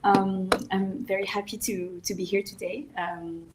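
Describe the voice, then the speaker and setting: A woman with a French accent addresses an audience at a public event, halting often with fillers and restarts. She speaks in her second language at a medium pitch. The sound is reverberant, as if picked up in a roomy hall. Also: flat delivery, a little mellow, a little hiss or hum. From France. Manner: hesitant, with many fillers and restarts. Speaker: development agency project manager. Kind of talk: formal speech at a public event.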